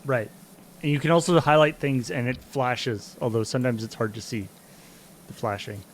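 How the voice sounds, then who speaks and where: A man's voice: mid-range voice, fairly even intonation, normal speed, a little hiss or hum. Man with wry, musing game chatter. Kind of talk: casual gameplay chat.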